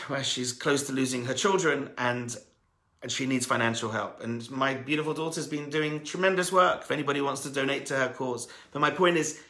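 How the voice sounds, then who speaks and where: Male preacher-storyteller, emphatic and animated, ringing echoey room. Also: on the high side. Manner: animated, emphatic storyteller who builds to loud peaks; addresses listeners as friends. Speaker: religious teacher. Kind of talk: storytelling sermon.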